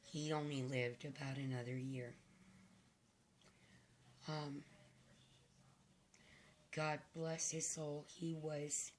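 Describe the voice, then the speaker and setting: An older woman vlogging to camera, hoarse and raspy from losing her voice, talking in a rambling, heartfelt way with hesitant fillers. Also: sits low, little pitch movement, slow, long pauses, darkish tone, slight background noise. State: hoarse, nearly lost voice. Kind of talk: casual to-camera chat.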